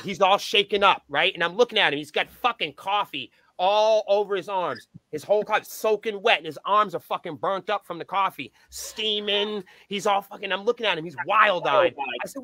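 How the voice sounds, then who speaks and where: A man's voice: sits high, no echo. A man, a band member guesting on a podcast, telling a story in a loose, profane way and acting out both sides of the conversation. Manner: profane, animated, acts out dialogue. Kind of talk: casual storytelling.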